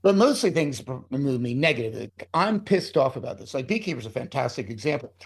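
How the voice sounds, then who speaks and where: A man's voice: medium pitch, very animated, fast, creaky, slightly rough. A middle-aged man, a screenwriter being interviewed, talking in a heated, profane, rambling way. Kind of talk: casual interview talk.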